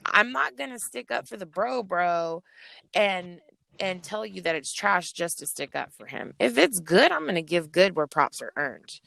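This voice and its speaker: Here is a woman with a lowish voice that has a gravelly fry and a bright, sharp edge. She tells her story bluntly and animatedly as a podcast guest, swearing freely. The sound is dry and close, with no room behind her. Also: big pitch swings, normal speed, dry recording. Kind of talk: casual storytelling.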